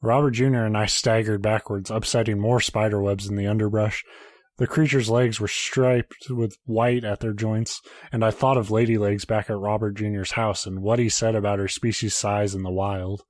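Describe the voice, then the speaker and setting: A man's voice: on the low side, fairly even intonation, moderate pace, no room sound. A man, a podcast host, reading a horror story aloud in a casual way, now and then breaking off to joke and swear.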